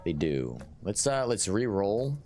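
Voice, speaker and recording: A man streaming a strategy game who jokes and rambles, often stopping to restart a sentence. His voice sits fairly low but swings widely in pitch when he gets worked up. Faint game music plays behind him. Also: slow. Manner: excitable, jokey, rambling with frequent restarts. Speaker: gaming streamer. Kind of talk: live game commentary.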